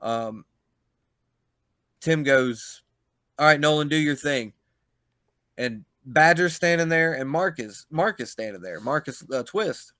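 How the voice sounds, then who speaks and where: Bright-voiced man telling a story. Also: fairly high pitch, takes it slowly, long pauses, no echo. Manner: animated, swearing, acts out quotes in loud bursts. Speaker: pro wrestler, podcast guest. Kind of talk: casual storytelling chat.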